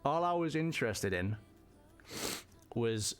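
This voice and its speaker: A man telling a personal story in a halting way, often repeating words and restarting. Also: mid-range voice, expressive, clean tone. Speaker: vlogger.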